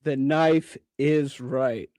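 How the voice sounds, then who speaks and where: Deadpan male caller, dry sound. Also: mid-range voice, extremely slow, no echo. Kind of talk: joking call-in.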